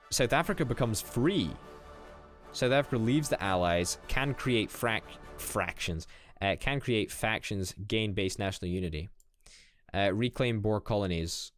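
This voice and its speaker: A young man casually commenting on a strategy game as he plays, excitable, swearing and thinking out loud. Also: fairly low pitch. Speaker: gaming YouTuber.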